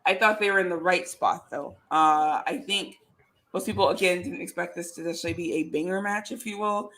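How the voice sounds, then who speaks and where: A woman's voice: fairly low pitch, a little fast. A woman co-hosting a casual podcast, talking loosely with plenty of ums and uhs. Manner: relaxed, lots of fillers like um and uh. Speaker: podcast co-host. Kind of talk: casual chat.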